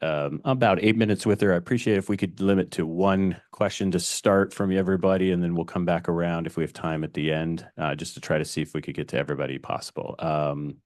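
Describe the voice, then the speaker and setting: Deep-voiced man moderating a press conference. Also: darkish tone, dry recording, studio quality. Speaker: team media moderator.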